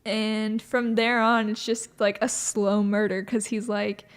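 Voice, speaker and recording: A young woman co-hosting a podcast, retelling a film scene in casual chat and acting out the quoted lines with quick shifts of voice. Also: clean tone, in a large hall. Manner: animated storyteller, acts out quoted lines with shifts of pitch. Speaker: podcast co-host.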